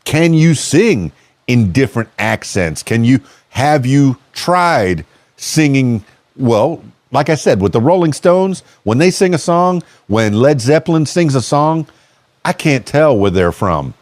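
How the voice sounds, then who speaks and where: A man's voice: mid-range voice, big pitch swings, measured pace, darkish tone, dry recording. A middle-aged American man hosting a casual podcast interview, curious and rambling, often restarting his sentences. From United States. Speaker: podcast host.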